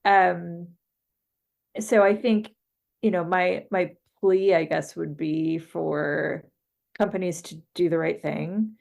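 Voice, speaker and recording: A woman's voice: on the low side, fairly even intonation, slow, creaky, a little mellow. A woman co-hosting a podcast, talking in hesitant, filler-heavy casual chat and laughing often. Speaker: podcast co-host.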